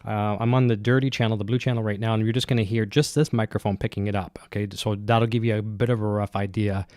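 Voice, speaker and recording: A man's voice: on the low side, flat delivery, quick pace, darkish tone, no room sound. A man with a cold, breathing heavily, hosting a guitar gear livestream from his home studio and chatting loosely with lots of fillers. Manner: rambling, many fillers and restarts. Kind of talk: casual live-stream chat, reading viewer comments. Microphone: dynamic broadcast mic close up.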